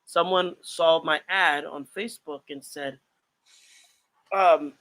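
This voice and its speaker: A man's voice: on the high side, steady tone, slow pace, pauses often, fairly bright tone. A man co-hosting a casual podcast about writing, talking earnestly and reflectively with many fillers. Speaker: author and podcast co-host.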